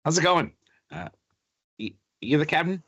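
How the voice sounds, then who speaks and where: A man voicing a chirpy, excitable little male gnome. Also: fairly high pitch, moderate pace, gravelly, slight background noise, voice pushed up.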